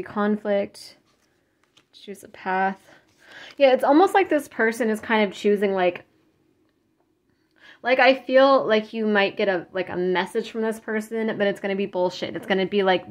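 A woman giving a casual psychic tarot reading, talking in a rambling, earnest way with many restarts and fillers, and openly moved as she speaks. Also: mid-range voice. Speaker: tarot reader.

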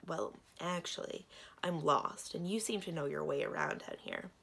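A woman's voice: low voice, normal speed, creaky, fairly bright tone, breathy edge, exaggerated voice. A woman reading as a gloomy stone prince. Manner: gloomy, earnest, apologetic.

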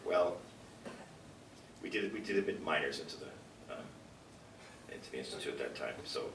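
A man's voice: a bass voice, moderate pace, far from the mic, background noise. Man lecturing in an echoey hall. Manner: emphatic, rhetorical questions and asides to the audience. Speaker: professor giving a public lecture. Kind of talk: public lecture. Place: lecture room with an audience.

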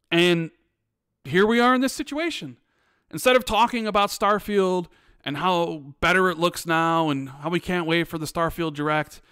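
A man with a notably high voice holds forth on a podcast, emphatic and animated, hammering points through repetition. The sound is dry and close, with no room around it. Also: no echo. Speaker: podcast co-host. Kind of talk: casual podcast chat.

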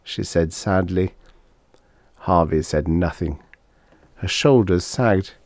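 A man reading vintage science fiction aloud as an audiobook narrator, with expressive, dramatic storytelling. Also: sits low, takes it slowly, pauses often, no echo, clean studio sound.

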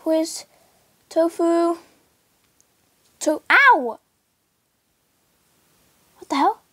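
A woman chatting casually through her gameplay video, excitable and yelping as she plays. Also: very high-pitched, drawn-out words, pauses often, no room sound. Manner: excitable, calls out and yelps while playing. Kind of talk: casual game commentary. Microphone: screen recorder mic.

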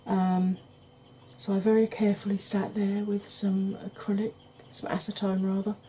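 A woman's voice: mid-range voice, level tone, normal speed, mellow, a little hiss or hum. A woman hosting a makeup channel, chatting casually through a tutorial with rambling, self-deprecating asides.

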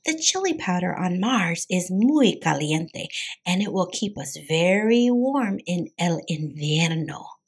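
An easygoing male chihuahua gang leader from a storybook, savoring each word slowly and adding mock Spanish flourishes, as a woman reading aloud puts him on. The voice is low-key and relaxed, with a gravelly, husky texture. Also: heavily acted.

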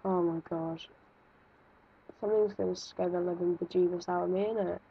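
A woman talks her way through a game, nervous and jumpy, often breaking into sudden exclamations. Her voice is husky and a little breathy. The recording is muffled and lo-fi. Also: on the low side, fairly even intonation, normal speed. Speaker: gaming video creator. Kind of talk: let's-play game commentary.

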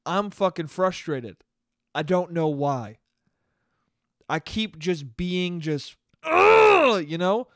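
A man's voice: on the high side, lively intonation, takes it slowly, long pauses, no room sound, studio quality. Profane rambling young man podcaster. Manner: profane, rambling, self-mocking. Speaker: podcast host and comedian. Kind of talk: casual solo podcast monologue.

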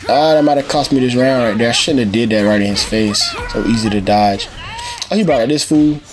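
A young man giving excited, trash-talking commentary as he plays a fighting game. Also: medium pitch, a little fast. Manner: excitable trash talk, shouting at the screen. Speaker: gaming channel host. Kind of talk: live gameplay commentary. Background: game music.

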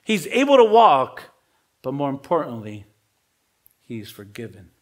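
A male pastor preaching a sermon in a casual, conversational way with everyday slang. He swings between emphatic rises and quiet, trailing drops. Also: on the high side, very animated, measured pace.

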